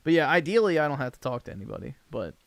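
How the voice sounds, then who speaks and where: A man hosting a livestream, talking in a blunt, crude and offhand way as he answers comments. His pitch sits in a middling range. The sound is close and dry, with no room echo. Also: very animated, racing, gravelly. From United States. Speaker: livestream host. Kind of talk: casual livestream chat reading comments.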